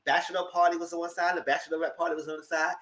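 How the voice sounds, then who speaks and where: A TV show reviewer giving a casual recap, animated and laughing, acting out the characters in squealing high voices. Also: very fast. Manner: laughs through the story.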